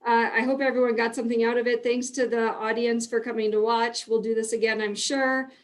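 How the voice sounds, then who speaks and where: A woman hosting a business webinar in an upbeat, chatty way, her voice slightly hoarse. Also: on the high side, flat delivery, a little fast. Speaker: webinar host. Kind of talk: conversational panel talk.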